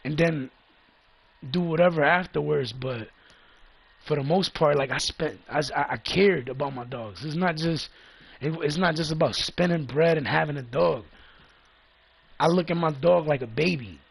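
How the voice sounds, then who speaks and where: Casual vlogger man, gravelly and slightly high-pitched, rambling and profane. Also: moderate pace. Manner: loose, profane, repeats himself. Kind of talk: casual storytelling.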